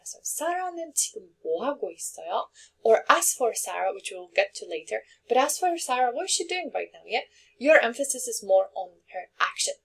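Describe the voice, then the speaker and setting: A woman teaching a language lesson, explaining grammar patiently with example sentences and checking in with her listeners. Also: medium pitch. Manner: clear, patient, checks in with "okay?" and "yeah?"; reads example sentences quickly, translates slowly.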